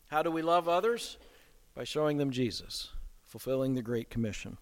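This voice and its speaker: A man's voice: mid-range voice, animated, moderate pace. A man preaching a sermon, emphatic and posing rhetorical questions to the congregation. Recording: long reverb of a hall.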